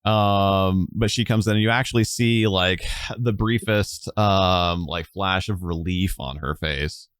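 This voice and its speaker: Male game master, low smooth voice, loose rambling narration. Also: a little slow, hardly any pauses, a bit bright, dry recording, studio quality. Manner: rambling, many fillers.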